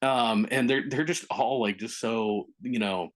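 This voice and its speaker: A man's voice: medium pitch, a little slow. A man with a mid-range voice chats on a film podcast. He rambles with enthusiasm and stacks up hedges as he thinks aloud. His delivery is loose and friendly. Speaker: podcast co-host. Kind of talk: casual film podcast chat.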